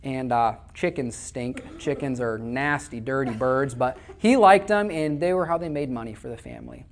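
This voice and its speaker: A man's voice: medium pitch, moderate pace. A man from Iowa preaching a sermon to a congregation, telling stories in a conversational way and often repeating words as he starts a phrase. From Iowa, USA. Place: church before a live congregation.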